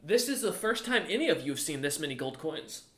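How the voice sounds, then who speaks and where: A man's voice: on the high side, sing-song, fairly quick, echoey room, background noise. A man narrating as game master of a tabletop game, rambling with many fillers.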